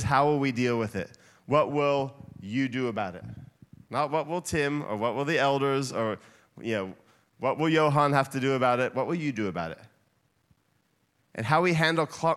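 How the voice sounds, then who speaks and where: A man preaching a sermon in a church hall, lively and playful, getting the congregation to shout along with him. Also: medium pitch. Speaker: guest preacher.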